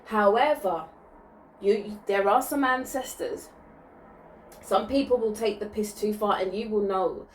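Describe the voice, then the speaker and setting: A woman's voice: mid-range voice, measured pace. A woman giving a spiritual card reading in a soothing tone, often checking in with listeners by asking "okay?". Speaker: spiritual reader. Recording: roomy, distant mic, faint background hum.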